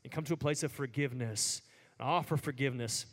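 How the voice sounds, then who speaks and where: A man preaching a sermon in a conversational way, full of "like" fillers, who climbs high and emphatic at the peaks. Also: quick pace. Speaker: pastor.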